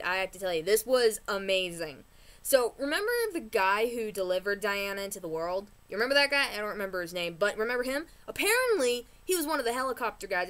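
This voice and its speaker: A woman vlogger giving a casual, animated recap rant, chatty and often restarting her sentences. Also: mid-range voice.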